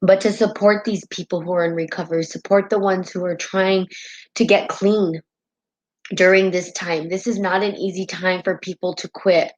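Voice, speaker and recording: A woman's voice: on the low side, steady tone, moderate pace, highs cut off. A woman hosting a spiritual live stream in casual talk, heartfelt and rambling, often tagging her sentences with "right?", and tearful at times.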